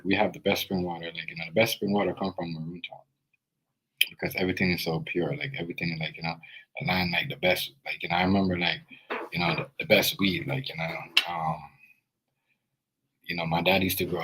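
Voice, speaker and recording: A young man with a Jamaican accent and a deep, husky voice tells his own story casually. He rambles and restarts, leaning on fillers as he goes. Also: low-quality recording. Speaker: video creator.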